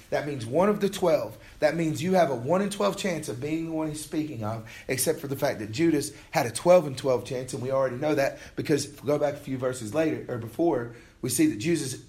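A male pastor preaching a sermon in a conversational way, acting out people's inner thoughts in quick quoted asides. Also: on the high side.

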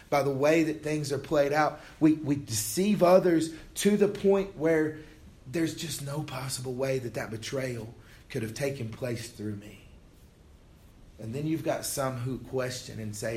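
A man's voice: medium pitch, measured pace, darkish tone. Man preaching in a conversational tone. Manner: conversational preaching, acts out inner voices. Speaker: pastor. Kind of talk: sermon.

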